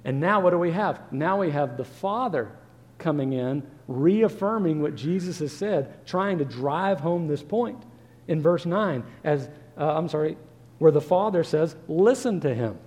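A man's voice: fairly high pitch, measured pace, a little mellow, long reverb tail. A man preaching a sermon as pastor, earnest and full of rhetorical questions.

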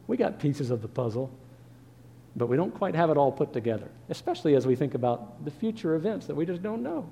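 A man's voice: fairly high pitch, vocal fry, mellow, big-room sound. A man preaching a sermon as pastor, earnest and full of rhetorical questions.

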